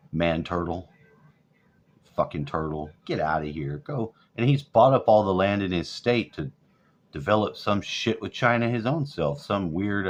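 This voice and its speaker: Brief: man over forty, lowish voice, rambling profane vlog rant, muffled lo-fi recording. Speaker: vlogger. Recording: dull lo-fi audio.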